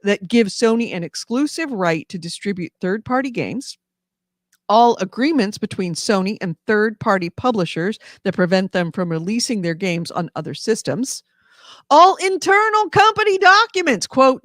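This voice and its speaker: A woman co-hosting a casual gaming news podcast, playful and chatty with quick asides. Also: mid-range voice, sing-song, a bit bright, dry recording, studio quality. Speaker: co-host.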